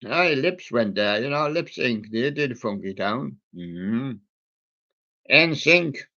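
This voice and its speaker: Slow, jokey man on a muffled stream. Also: medium pitch, animated, bright, forceful tone. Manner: jokey, punning on song titles. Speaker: live stream host. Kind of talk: playful music chat. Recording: dull lo-fi sound.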